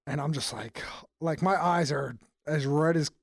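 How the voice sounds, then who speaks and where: A young man tells stories on a podcast with animated energy and frequent laughter. His voice sits fairly high for a man. The sound is dry and close. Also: a little slow, vocal fry, dry recording. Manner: animated storyteller, laughs often, says "dude". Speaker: podcast co-host. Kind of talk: casual chat.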